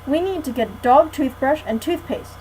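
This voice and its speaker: A woman's voice: high-pitched, lively intonation, moderate pace, a little mellow, a little hiss or hum, low-quality recording. A teen girl reading as Jack, a careful bookish boy. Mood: sensible. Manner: sensible, matter-of-fact. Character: cautious, bookish young boy.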